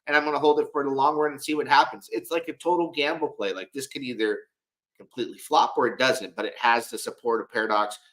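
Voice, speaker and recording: A man's voice: medium pitch, fairly even intonation, fast, a bit bright, low-quality recording. A man hosting a casual livestream, talking in a rambling, frank way and often repeating and restarting his words. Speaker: livestream host.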